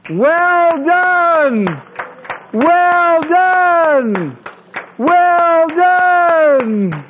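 Male pastor, high voice, lively sermon delivery with call-and-response questions. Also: a little hiss or hum. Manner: animated preaching, asks the congregation questions.

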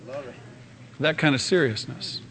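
A man's voice: a little high, takes it slowly, a bit bright. A man preaching a sermon with fervor, acting out scenes in sudden bursts. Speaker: pastor.

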